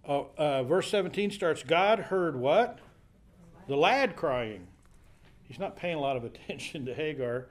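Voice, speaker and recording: A man's voice: fairly high pitch, expressive, a little slow. A man teaching a Bible study class, explaining scripture conversationally while thinking aloud. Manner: thinking aloud with fillers and restarts, paraphrasing scripture.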